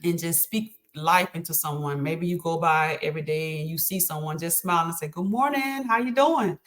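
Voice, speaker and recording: Appearing on her child's podcast, a middle-aged woman speaks a little fast in a low, slightly bright voice with a level tone. The casual conversation turns earnestly to faith and encouragement, sprinkled with frequent ums.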